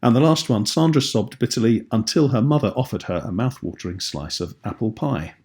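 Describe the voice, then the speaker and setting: Gravelly, husky British male teacher. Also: medium pitch, expressive, a little mellow. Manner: patient and clear, slow explanatory teaching. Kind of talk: tutorial video lesson.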